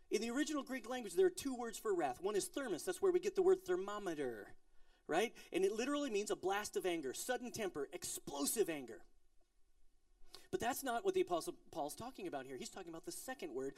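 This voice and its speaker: A middle-aged male pastor giving a sermon in a casual, storytelling way, with playful asides and moments of quiet intensity. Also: high voice. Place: church service in an office building.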